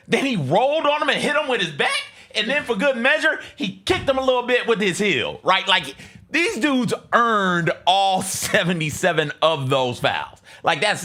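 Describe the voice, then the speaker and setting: A man co-hosting a sports talk show, telling stories in an animated, exasperated way. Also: high-pitched.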